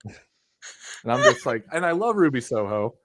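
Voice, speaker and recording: A man's voice: medium pitch, very animated, unhurried, background noise. A young man telling a long, profane, rambling wrestling story as a podcast guest. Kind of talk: casual chat.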